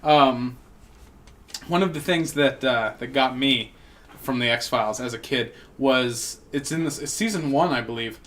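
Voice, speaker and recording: A man's voice: medium pitch, a little slow, fairly bright tone. A young man hosting a podcast, rambling and joking with lots of swearing in casual chat. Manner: profane, rambling, jokey. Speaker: podcast host.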